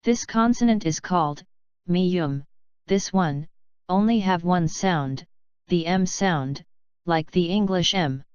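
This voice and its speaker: A woman teaching a lesson in a very slow, deliberate way, explaining one rule at a time in a lowish, very clear voice. The sound is dry and close, but a bit dull and lo-fi. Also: dry recording. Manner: slow, deliberate, spelling out rules. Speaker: language teacher. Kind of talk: step-by-step lesson narration.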